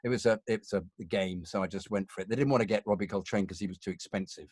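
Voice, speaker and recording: A middle-aged man, a voice actor and interview guest, telling stories in an animated, self-deprecating way and acting out voices. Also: lowish voice, fast, no echo. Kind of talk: casual interview storytelling.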